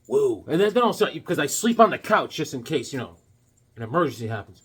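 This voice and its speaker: A man's voice: medium pitch, sing-song, quick pace, breathy edge. A middle-aged man chatting casually to camera about comic books, jokey and wisecracking. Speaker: comic book vlogger. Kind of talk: casual rambling chat to camera.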